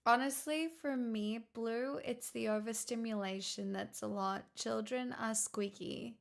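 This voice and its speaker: A woman's voice: on the high side, steady tone, slow, gravelly. A woman streamer in casual chat, rambling and laughing often as she tells stories.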